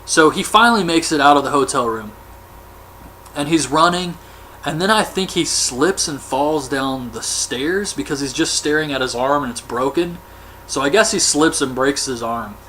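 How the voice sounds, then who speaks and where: A man's voice: fairly high pitch, moderate pace, sharp tone, a little hiss or hum. Casual, chatty male movie reviewer. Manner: chatty, offhand, colloquial. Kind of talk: casual film recap.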